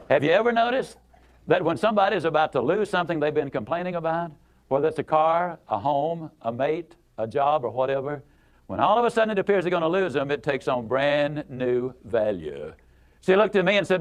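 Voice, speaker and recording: A man with a high-pitched voice gives a motivational speech in a folksy storytelling style. He leans hard on emphasis and repeats words and phrases for effect. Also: animated, fairly quick. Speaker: motivational speaker.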